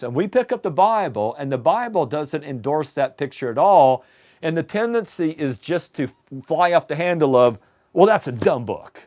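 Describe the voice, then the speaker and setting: A man's voice: fairly high pitch, a little mellow. A man preaching a sermon lesson, retelling the scripture story with emphatic storytelling and frequent restarts.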